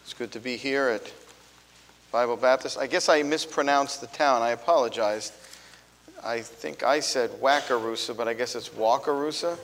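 A man's voice: mid-range voice, normal speed, a bit bright, slight background noise. A man with a New York accent delivers a sermon from the pulpit, his voice sitting in the middle of the male range. He speaks in a conversational way, with plenty of fillers and self-corrections. Long church reverb trails behind each phrase. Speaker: guest preacher. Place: church sanctuary.

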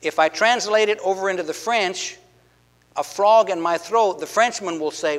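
A man with a high voice preaches a sermon in a church. He teaches earnestly, often repeating words and asking questions of his listeners. The sound carries a long hall echo. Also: normal speed. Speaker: pastor.

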